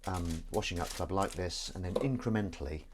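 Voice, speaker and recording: A man with a fairly low voice talks casually and jokily while he does the dishes at home. Plates, pots and cutlery clatter clearly behind him. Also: animated, fairly quick, background noise. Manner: chatty, self-aware, jokey. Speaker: live-stream host. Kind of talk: casual rambling monologue. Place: home kitchen at the sink.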